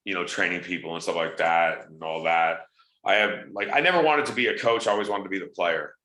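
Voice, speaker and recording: A wrestler and actor chats casually in an interview, an animated storyteller who acts out quoted voices. His voice is low and a little fast, in an echoey room.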